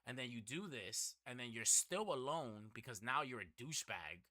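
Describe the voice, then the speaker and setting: A man's voice: mid-range voice, lively intonation, moderate pace, bright, forceful tone, no echo. A young man from the Bronx, hosting a casual podcast chat, acting out dialogue and swearing freely as he tells stories. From the Bronx, New York. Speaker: podcast host.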